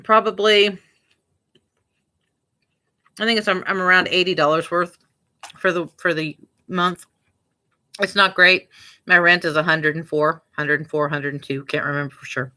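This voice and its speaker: A woman's voice: on the low side, steady tone, moderate pace, long pauses, bright, forceful tone. A woman from the American Midwest chatting casually and thinking aloud as she lists items to sell online. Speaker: online reseller and vlogger. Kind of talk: casual chat while working.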